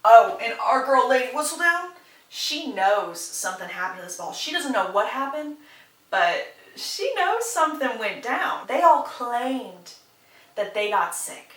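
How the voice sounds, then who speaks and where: A young woman recaps a book in a chatty, casual way, tossing in sarcastic asides. Her voice sits a bit high and the room rings around her. She sounds a little back from the mic. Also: lively intonation, unhurried, a bit bright, far from the mic. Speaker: book reviewer. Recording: roomy, slightly off-mic.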